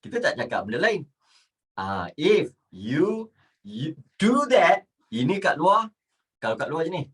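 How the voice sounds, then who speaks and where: A Malaysian man leads an online English lesson at an unhurried pace, often repeating phrases and asking his class questions. His voice sounds a little distant from the microphone. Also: high-pitched, big pitch swings, fairly bright tone, breathy edge. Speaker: English teacher.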